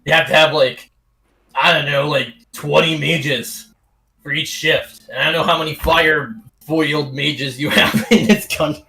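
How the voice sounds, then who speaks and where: Bright-voiced joking male player. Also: on the high side, steady tone, creaky, a little hiss or hum, low-quality recording. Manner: quick, joking, curious questions. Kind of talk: casual tabletop game chat.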